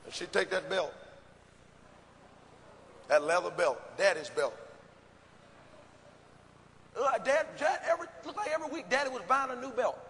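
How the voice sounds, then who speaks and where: A man doing stand-up comedy, telling an animated story and acting out scenes on stage. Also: sits high, moderate pace, pauses often, slight background noise. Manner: animated, acts out scenes, gasps and shouts. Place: stage before a live audience. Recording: live hall with audience ambience.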